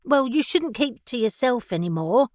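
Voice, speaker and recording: A woman's voice: a little high, normal speed, no room sound, clean studio sound, pitched above the performer's own voice, natural voice. Woman doing a bold, teasing young actress. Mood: coaxing. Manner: lively, teasing, confiding.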